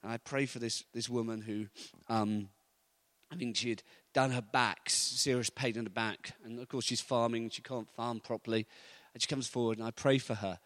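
A man preaching, telling stories in a lively, anecdotal way and chuckling often. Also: medium pitch, normal speed. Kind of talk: storytelling sermon.

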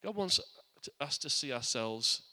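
A man preaching a sermon to a congregation. He speaks earnestly, often restarting or repeating words, and drops quiet and soft on his reflective points. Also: mid-range voice, animated, a little slow. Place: church. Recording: long church hall reverb.

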